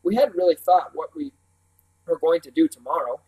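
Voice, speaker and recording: A man's voice: fairly high pitch, moderate pace, dark tone, breathy edge, poor audio. A man voicing a cheerful, hearty father with a jovial public manner, in a storybook reading.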